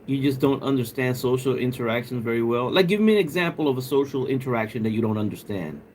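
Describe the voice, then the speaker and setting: Talking fast in a mid-range voice with lively intonation and a darkish, bald tone, a livestream host reads and responds to viewer comments. He jokes around, laughs a lot and mimics a British accent. Slight background noise is present.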